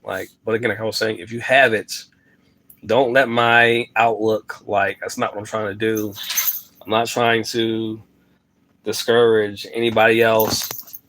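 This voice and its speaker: A man's voice: fairly low pitch, little pitch movement, unhurried, a bit bright. Rambling man talking to camera. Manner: rambling, stops often to talk to his dog. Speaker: vlogger. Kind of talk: casual vlog talk to camera. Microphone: phone camera.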